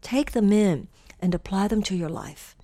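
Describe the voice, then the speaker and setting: A woman's voice: medium pitch, normal speed. Earnest woman giving an inspirational talk. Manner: earnest, animated storytelling. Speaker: spiritual teacher.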